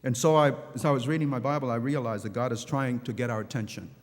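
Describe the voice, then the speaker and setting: In a large church hall with long reverb, a male pastor preaches a passionate sermon. His mid-range voice moves at a quick pace, full of repeated phrases and restarts.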